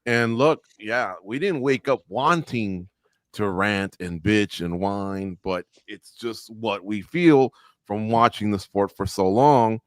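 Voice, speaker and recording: A man's voice: on the low side, slow, dry recording, clean studio sound. A man co-hosting a live sports roundtable in casual chat, rambling and reading out viewer comments.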